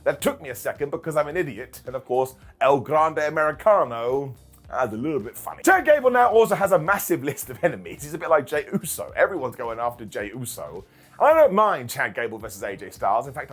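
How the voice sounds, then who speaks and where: A man hosting a casual recap, animated and jokey with sarcastic asides. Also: mid-range voice, brisk, soft background music. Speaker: wrestling show reviewer and host.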